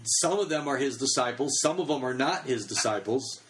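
A man's voice: medium pitch, animated, moderate pace, a bit bright, a little hiss or hum, poor audio. A man in his thirties giving a casual teaching talk on children's ministry, chatty and full of fillers.

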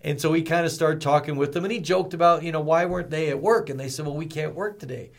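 A man hosting a ministry podcast, talking in an energetic, storytelling way with folksy asides. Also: on the high side, fast. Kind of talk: motivational podcast talk.

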